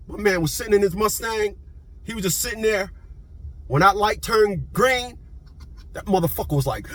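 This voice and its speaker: A man's voice: sits high, lively intonation, fast talker, background noise. A man in his fifties telling a story in a blunt, profane casual monologue, repeating himself as he goes. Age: 50s.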